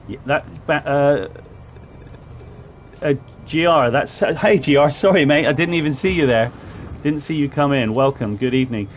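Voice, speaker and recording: A man's voice: on the high side, normal speed, a little hiss or hum. A man from southwest England chatting casually while streaming a game, rambling and greeting viewers in chat. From Plymouth, southwest England. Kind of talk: casual live-stream gameplay commentary.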